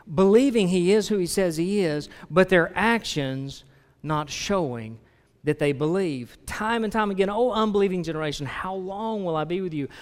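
Slightly high-voiced man preaching in a reverberant hall. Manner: conversational preaching, asks the congregation direct questions, frequent restarts. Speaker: pastor. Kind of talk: sermon. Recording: long reverb of a large hall.

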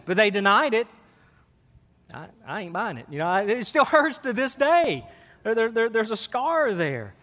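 A man's voice: sits high, sharp tone. A man, preaching a sermon in a folksy, storytelling way with asides to the congregation. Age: 40s. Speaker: pastor. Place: church sanctuary. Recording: sermon in a hall with long reverb.

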